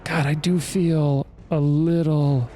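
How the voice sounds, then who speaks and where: Male game master, slightly higher voice, wry and apologetic, faint music underneath. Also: little pitch movement, mellow. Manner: apologetic, wry, quick talk with frequent restarts. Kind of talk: narrating a tabletop game.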